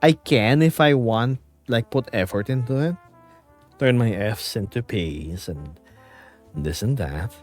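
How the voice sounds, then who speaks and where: At medium pitch, a man talks in an animated, slightly slow way while faint music plays. He's from the Philippines and has a light accent, rambling and joking on a relaxed home live stream and reading chat comments aloud.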